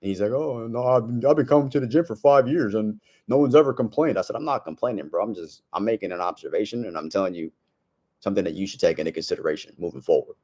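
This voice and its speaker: A young man talks straight to the camera in a brash, slangy vlog monologue. His voice sits a little low, and he leans hard on casual street phrasing while handing out blunt advice. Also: fast talker, mellow. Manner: brash slangy storytelling, says bro a lot. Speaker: self-improvement vlogger.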